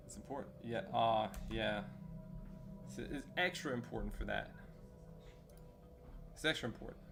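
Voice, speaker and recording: Faint music plays behind a man streaming gameplay, his gravelly, mid-range voice moving at normal speed. He chats casually in a meandering way, full of filler words and slang.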